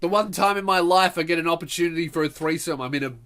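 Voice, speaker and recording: Animated, sweary young man telling a story. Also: fairly high pitch, fast talker. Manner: animated, sarcastic, profane. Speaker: comedian and podcast host. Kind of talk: comic storytelling on a podcast.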